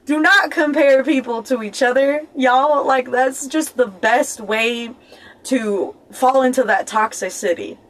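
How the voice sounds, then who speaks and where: A woman's voice: high-pitched, unhurried, a bit bright, rough recording. A woman giving casual self-help advice to her viewers. She is blunt, swears freely, laughs often, and keeps checking in with "okay?". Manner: laughs often and jokes between points; talks straight to viewers as "y'all". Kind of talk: casual motivational talk.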